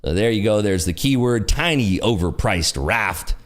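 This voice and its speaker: A man's voice: lowish voice, expressive, moderate pace. A man hosting a casual livestream from his garage, joking, laughing often and repeating catchphrases. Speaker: livestream host. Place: home garage.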